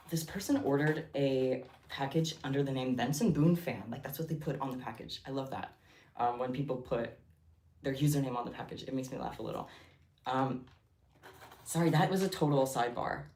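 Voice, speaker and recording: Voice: mid-range voice, a little mellow, slight background noise. A livestream host chatting casually while crafting, giggly and rambling off on tangents. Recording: roomy echo.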